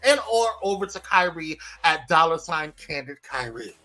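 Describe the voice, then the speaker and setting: Brief: male morning show host, bright forceful voice, rattles off viewer shout-outs with energy, faint music underneath. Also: a little high, moderate pace. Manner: lively, greets viewers by name one after another. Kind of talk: live morning show chat.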